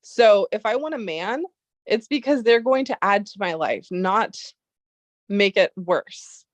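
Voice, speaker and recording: A woman recounts a personal story for her vlog in an animated, medium-pitched voice at a measured pace. Her delivery is casual and chatty, full of "like" and quoted retellings. It's a dry recording with dull, lo-fi quality.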